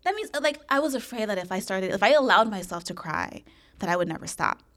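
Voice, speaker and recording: Candid, expressive woman talking freely. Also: medium pitch, fast. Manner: candid and expressive, swears freely, acts out her past thoughts. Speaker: podcast guest. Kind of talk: casual podcast conversation.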